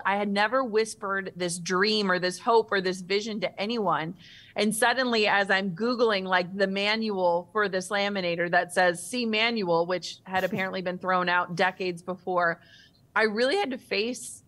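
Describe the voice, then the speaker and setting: A woman in her thirties, a guest author in an interview, telling a personal story in a vivid, animated way. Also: mid-range voice, normal speed.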